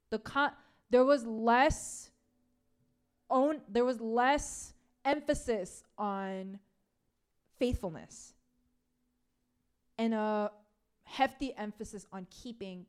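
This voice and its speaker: A woman's voice: a little high, a little mellow, smooth. A woman giving a casual, conversational sermon, full of "like" and "right?", repeating key phrases for emphasis. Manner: chatty, peppered with "like" and "right?". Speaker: preacher.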